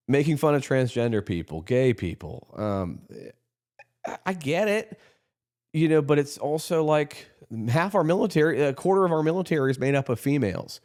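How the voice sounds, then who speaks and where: A man's voice: a little high, normal speed, a little mellow. A man hosting a podcast, talking in a rambling, heated political monologue with frequent restarts. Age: adult, runs his own company. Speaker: podcast host.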